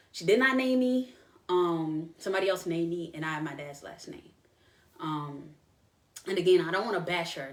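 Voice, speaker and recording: A woman podcast host telling a painful personal story, halting and emotional, with many restarts. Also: lowish voice, a bit bright, reverberant.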